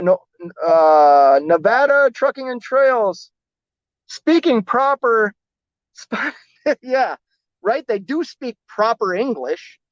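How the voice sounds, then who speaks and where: A relaxed man rambles through viewer comments on his trucking stream, joking at his own expense. The sound is dull and lo-fi, and it is dry and close with no room echo. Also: sits high. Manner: rambling, easygoing, self-deprecating, many "like"s. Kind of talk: casual live-stream chat reading comments.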